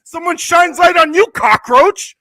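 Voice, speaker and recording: Very high bright-voiced guy yelling insults on a live stream, dry close sound. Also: measured pace, no room sound, low-quality recording. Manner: angry, insulting, often shouting. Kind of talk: heated online argument.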